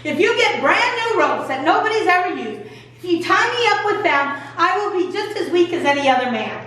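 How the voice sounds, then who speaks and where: A woman's voice: very high-pitched, very animated, brisk, a bit bright, pitched above the performer's own voice, exaggerated voice. A woman voicing the cocky strongman Samson in a breezy, offhand way, heard from far off in an echoey hall. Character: boastful strongman Samson, young man, cocky.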